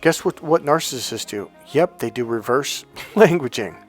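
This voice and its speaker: A man speaking as a motivational coach, emphatic and repetitive. His pitch sits in an ordinary middle range. Faint music plays behind his talk. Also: animated, normal speed. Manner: emphatic, repetitive, chanting mantras. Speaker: life coach.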